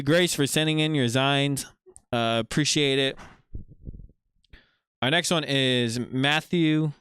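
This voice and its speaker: Casual male stream host, smooth voice, dry close mic, loose and chatty. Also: medium pitch, no echo. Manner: relaxed, rambling with many fillers. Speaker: livestream host. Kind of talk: casual livestream chat showcasing viewer art.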